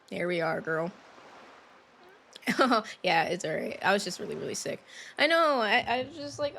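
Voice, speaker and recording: Woman streamer, casual and chatty with chat, quick to laugh, voice recovering from having been lost, light music underneath. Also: mid-range voice, expressive, gravelly, sharp tone. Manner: chatty, greets viewers, laughs often. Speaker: streamer playing a game.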